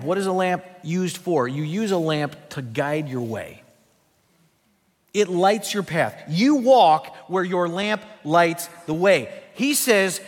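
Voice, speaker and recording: A male pastor preaching a sermon, emphatic and full of rhetorical questions, dropping to a hush for weight. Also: high-pitched, expressive, takes it slowly, long reverb tail. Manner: emphatic, rhetorical questions, swings between loud and hushed.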